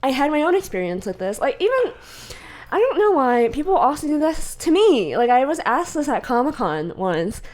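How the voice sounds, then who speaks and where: A woman's voice: high-pitched, very animated, moderate pace, darkish tone. A young woman co-hosting a podcast in casual chat, rambling with frequent laughs and acting out quoted exchanges. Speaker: podcast co-host.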